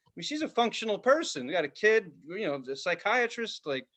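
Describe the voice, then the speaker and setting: A man in his forties co-hosts a casual podcast, animatedly telling stories, swearing freely and acting out quotes. His high-sitting voice is brisk, with few pauses.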